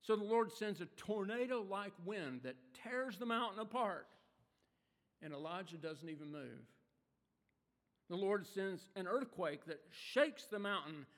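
In a big, echoing room, a man preaches a sermon, retelling a story dramatically with rhetorical questions and swings from loud to hushed. His voice sits on the high side and has vocal fry.

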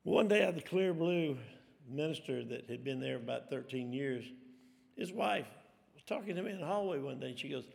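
A middle-aged preacher with a slightly high, gravelly, somewhat mellow voice speaks briskly, telling rambling, self-deprecating stories from the pulpit in a storytelling sermon. A long hall reverb surrounds the recording.

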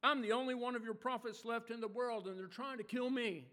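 A man's voice: extremely high pitch, fairly even intonation, fairly quick, pushed and bright, big-room sound, pitched above the performer's own voice. A man preaching who voices a weary male prophet, indignant and exasperated as he complains to God. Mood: angry, exasperated.

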